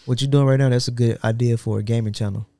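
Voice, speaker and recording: A man co-hosting a podcast in casual chat, slangy and quick to joke and laugh. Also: mid-range voice, steady tone, mellow, dry recording. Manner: joking, laughs often, slangy. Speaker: podcast co-host. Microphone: studio podcast mic.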